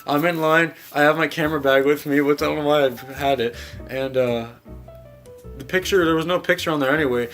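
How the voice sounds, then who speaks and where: A young man tells a loose, rambling story to his friends on a podcast. He laughs often and fills his speech with "like". His voice is bright and a touch high, with faint music playing behind him. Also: fairly even intonation, brisk. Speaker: podcast co-host. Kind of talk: casual storytelling among friends.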